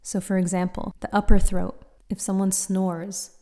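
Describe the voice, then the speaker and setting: A woman teaching pronunciation in a patient, clear instructional style, demonstrating sounds aloud. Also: mid-range voice, little pitch movement, a little slow, mellow, slight background noise. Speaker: Quran recitation teacher. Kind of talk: instructional explainer.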